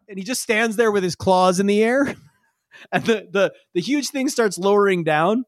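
A man's voice: sits high, moderate pace, no echo, studio quality. A man running a tabletop role-playing game as game master, narrating with many casual fillers. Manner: lively, many fillers like "like" and "kinda".

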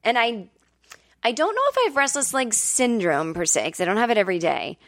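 A woman's voice: sing-song, quick pace, a bit bright. A woman hosting a comedy podcast, telling a candid personal story at home and swearing freely. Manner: candid, chatty, swears freely, acts out quotes in a high whiny voice. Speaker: podcast host. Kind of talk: casual storytelling monologue. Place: temporary home in Brooklyn.

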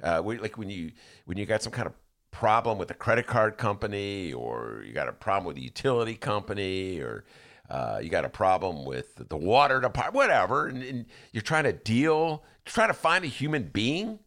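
A talk-radio host, a man with a low voice that swoops up and down lively. He rambles, circles back and restarts his sentences in loose, casual chat. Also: normal speed. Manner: rambling, animated, with frequent restarts.

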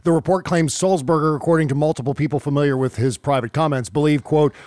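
A man's voice: a little high, steady tone, quick pace, darkish tone, no echo, clean studio sound. Chatty podcast host man. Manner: conversational, reads out news items with filler "uh"s. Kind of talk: casual news commentary.

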